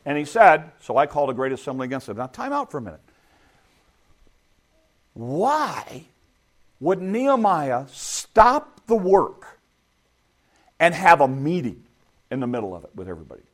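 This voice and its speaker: Conversational preaching man, rather high voice. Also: very animated, normal speed, long pauses. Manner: conversational preaching with rhetorical questions. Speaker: pastor. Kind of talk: sermon.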